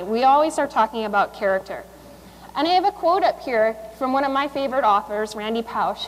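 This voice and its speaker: A woman's voice: on the high side, in a large hall, a little hiss or hum, poor audio. A woman in her thirties, an athlete giving a motivational speech at a school in a conversational way, with fillers and restarts. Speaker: guest speaker, Olympic speed skater. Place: school assembly.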